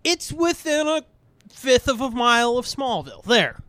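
A man's voice: very high-pitched, sing-song, moderate pace, a bit bright, no echo. Profane, rambling male podcast co-host. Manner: profane, rambling, laughs a lot. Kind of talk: casual chat.

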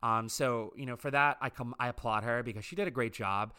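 Male commentator, gossipy and opinionated, crisp and bright. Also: medium pitch, a little fast. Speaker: reality TV commentator. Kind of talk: casual commentary monologue.

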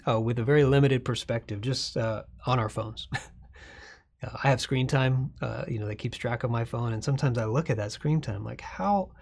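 Man, husky gravelly pastor, earnest conversational sermon delivery, loose with fillers. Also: mid-range voice, darkish tone. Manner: earnest, conversational preaching with frequent fillers and restarts.

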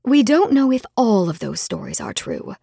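A woman voicing a gentle, resigned queen mother in an audiobook, speaking softly and soothingly. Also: mid-range voice, huge pitch swings, normal speed, creaky, slightly rough, no echo, studio quality, full character voice. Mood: doubtful. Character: gentle, sorrowful queen mother, middle-aged. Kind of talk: audiobook reading.

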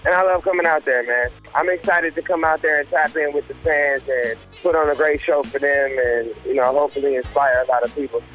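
A man's voice: medium pitch, fairly bright tone, low-quality recording. A young man from Las Vegas, a rapper, talking loosely and casually in an interview, with a lot of "you know" and "man". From Las Vegas, United States. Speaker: rapper guest.

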